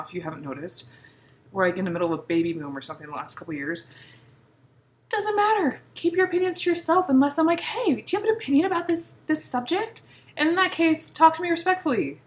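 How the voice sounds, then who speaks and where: A woman's voice: medium pitch, fast. A pregnant woman in her thirties ranting in a casual vlog, blunt and sarcastic, mimicking other people's remarks. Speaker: vlogger.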